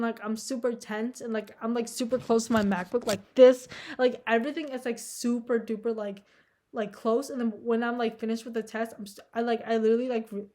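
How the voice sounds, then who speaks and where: Young adult woman, slightly high voice, casual anxious vlog ramble, heavy filler and profanity. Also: darkish tone. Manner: anxious, self-deprecating. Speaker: vlogger.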